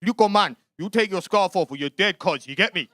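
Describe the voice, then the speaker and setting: A man's voice: high voice, brisk. A man voicing an aggressive, threatening male football hooligan in a stand-up set. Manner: shouty, menacing.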